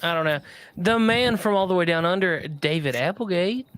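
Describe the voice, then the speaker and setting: A man's voice: sits high, animated, normal speed, fairly bright tone, smooth. A man from Appalachia hosting a casual pop culture podcast, upbeat as he introduces his guests. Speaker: podcast host.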